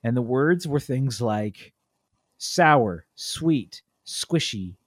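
Animated dad telling a family story. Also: male voice, very slow, no room sound, studio quality. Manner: animated storyteller, acts out quotes with big pitch jumps. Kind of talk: casual chat.

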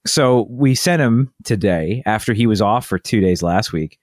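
A man in his thirties, co-hosting a casual podcast, speaking in a relaxed, fond way. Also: on the low side, moderate pace, no echo, studio quality. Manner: relaxed, fond, with frequent fillers and restarts. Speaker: podcast co-host. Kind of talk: casual chat.

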